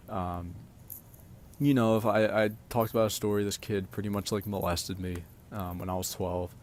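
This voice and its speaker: A man's voice: fairly low pitch, a little mellow, slight background noise. A man telling personal stories casually, hesitant and full of fillers and restarts. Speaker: storyteller. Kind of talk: casual storytime vlog.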